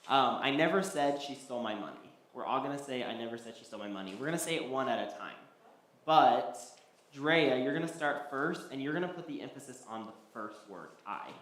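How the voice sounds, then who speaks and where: A man's voice: medium pitch, lively intonation, fairly quick, a bit bright. A man teaching a Bible study class, talking loosely with many ums and restarts. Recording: echoey hall, faint background noise.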